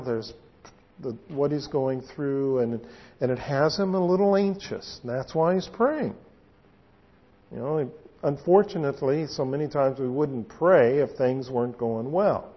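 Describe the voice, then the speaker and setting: A man preaching a sermon and teaching through scripture, unhurried, with frequent fillers. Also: mid-range voice, lo-fi sound. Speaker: pastor.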